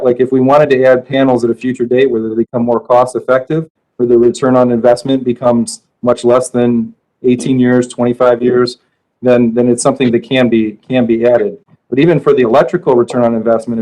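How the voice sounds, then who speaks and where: A man's voice: medium pitch, dark tone, low-quality recording. A man serving as school superintendent, explaining budget decisions at a board meeting with hesitant restarts.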